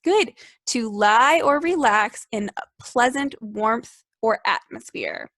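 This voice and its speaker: A young woman teaching second graders in a recorded lesson, clear, upbeat and encouraging. Her voice sits a little high. The sound is close and dry, with no room around it. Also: expressive, takes it slowly, a bit bright, dry recording. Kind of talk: remote class lesson.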